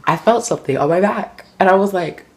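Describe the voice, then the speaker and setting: A man vlogging, telling embarrassing stories in an animated, dramatic way, full of fillers. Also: sits high, fairly quick, slight background noise. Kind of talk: casual storytelling to camera.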